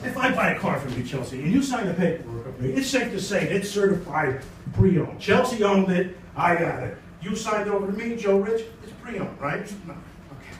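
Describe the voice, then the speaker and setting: A man's voice: high voice, moderate pace, hardly any pauses, slight background noise. A man performing a stand-up comedy set, telling stories and acting out the dialogue with lots of energy. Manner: animated storytelling, acts out dialogue. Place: comedy club. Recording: echoey club from a far mic. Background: audience laughter.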